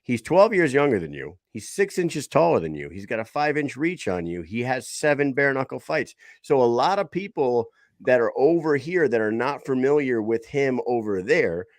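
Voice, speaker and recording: A man hosting a podcast, asking a fighter questions in an easygoing, halting way. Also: medium pitch, big pitch swings, no room sound, clean studio sound. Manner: easygoing, halting, laughs along. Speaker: podcast host. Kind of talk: casual interview questions.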